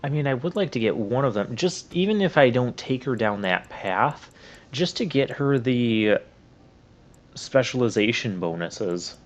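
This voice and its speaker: A man hosting a let's play, giving casual, rambling commentary with drawn-out asides. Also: medium pitch, expressive, dull audio. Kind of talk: gameplay commentary.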